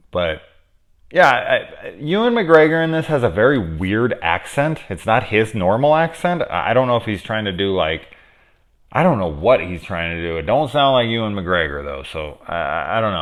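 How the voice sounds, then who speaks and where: At home, sitting very close to his camera mic, a man casually reviews a horror episode. He rambles and swears while retelling scenes, acting out the characters' lines in a fairly low, sing-song, fairly bright voice.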